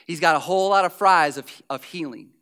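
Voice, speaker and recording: Male pastor, high clear voice, lively preaching that dips to hushed tones. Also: fairly quick. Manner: animated, acts out scenes, drops to near whisper. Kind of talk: sermon.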